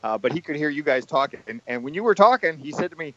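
A man co-hosts a relaxed podcast chat, weighing his opinions calmly. His voice comes through dry and slightly muffled, with no room sound. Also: fairly high pitch, fast talker, no echo. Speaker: podcast co-host. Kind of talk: casual chat.

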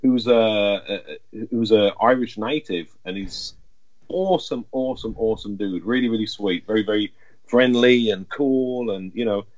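A man's voice: lowish voice, normal speed, darkish tone, dry recording. Man, enthusiastic, rambling casual chat, dry, dull lo-fi sound.

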